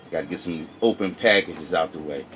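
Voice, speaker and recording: A man's voice: sits low, fast talker, a bit bright, soft background music. A man casually chatting through a toy review vlog, rambling and heartfelt. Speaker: toy collector vlogger.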